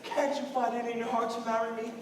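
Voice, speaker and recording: A man's voice: very high-pitched, little pitch movement, quick pace, slight background noise. A teenage boy playing a dashing, lovestruck young groom who pleads earnestly in a school stage musical. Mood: pleading. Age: teens. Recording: echoey hall taped from far off, with music.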